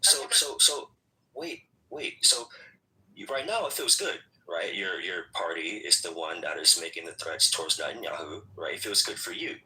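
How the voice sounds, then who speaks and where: A man with a lowish voice and a very bright, forceful tone argues a political point, talking over others and repeating himself. He sounds set back from the microphone. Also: expressive, moderate pace, far from the mic, poor audio. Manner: interrupts, repeats himself, insists on finishing. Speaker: host of a political discussion room. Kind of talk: heated political debate.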